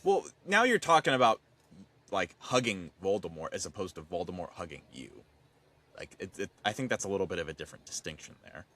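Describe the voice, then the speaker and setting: A man co-hosting a podcast, chatting casually with animated, expressive swings in his delivery. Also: low-pitched, fairly quick. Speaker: podcast co-host. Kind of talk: casual chat.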